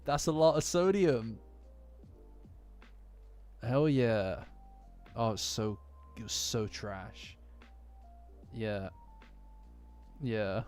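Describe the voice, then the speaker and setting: A man with a Nottingham accent chats loosely on a live stream, pitched squarely in the usual male range. He wanders off topic and teases himself along the way. Soft lofi music plays faintly underneath. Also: drawn-out words, pauses often. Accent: Nottingham English. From Nottingham, England. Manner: rambling, easily distracted, self-mocking. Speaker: streamer reacting to a manga chapter with chat. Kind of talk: casual live-stream chat. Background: faint lofi background music.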